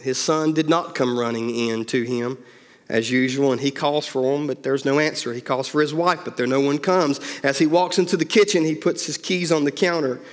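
A man's voice: medium pitch, big-room sound. A male pastor telling a story as part of a sermon, acting out each character's lines.

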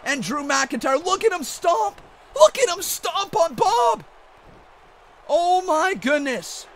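A man doing mock wrestling play-by-play commentary over a video game, excitable and often shouting. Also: very high voice, slow pace. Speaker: gaming YouTuber.

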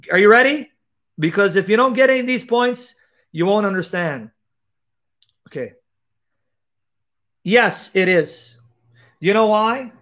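An emphatic man with a very high-pitched voice teaches scripture to his viewers. He fires off rhetorical questions and punches his points home with sharp exclamations. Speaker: Christian apologist. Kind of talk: animated teaching monologue.

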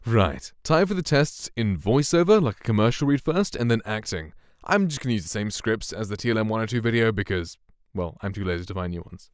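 A man around twenty, a streamer and voice actor, reviewing a microphone in a relaxed, rambling, soft-spoken way, close to a studio condenser mic. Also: fairly low pitch, brisk, clear, resonant tone, no echo. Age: 20s.

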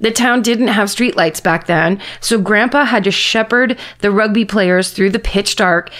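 A woman podcast co-host tells a listener's story in a relaxed, conversational way. She drops wry, playful jokes into the telling and keeps her delivery easygoing. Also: medium pitch, measured pace. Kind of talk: casual chat, reading listener stories aloud.

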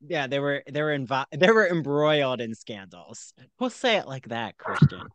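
A man chatting on a podcast about a show, his pitch bouncing all over and his tone bright and forward. He gushes, acts out lines and keeps the talk moving. The sound is close and dry. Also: normal speed, no room sound. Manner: animated, gushing, acts out quotes. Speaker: podcast co-host. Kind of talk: casual chat about a TV show.

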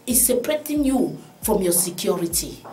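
A woman preaching, then leading an impassioned prayer that rises to shouts, repeating "oh God". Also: mid-range voice, sing-song, moderate pace. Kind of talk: sermon and fervent prayer. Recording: echoey room with music behind.

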